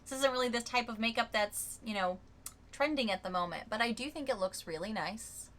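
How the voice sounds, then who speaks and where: A young adult woman talks through a beauty box in a candid, chatty vlog, reading viewer comments aloud with lively emphasis. Her voice sits a bit high and sounds bright and clear. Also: fairly quick. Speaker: beauty vlogger.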